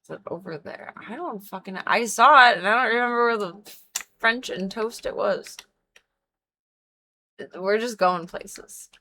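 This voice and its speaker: A young woman livestreams a video game, rambling casually and tossing in playful, silly noises between her asides. Her voice is mid-range with a sharp tone, and she speaks unhurriedly with frequent pauses.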